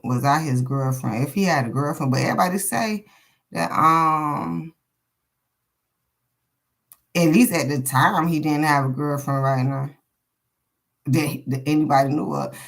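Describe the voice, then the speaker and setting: A woman's voice: sits low, low-quality recording. Blunt, foul-mouthed woman reading tarot live. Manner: profane, blunt and chatty with viewers; laughs often between questions. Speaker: tarot card reader. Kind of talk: casual live-stream chat.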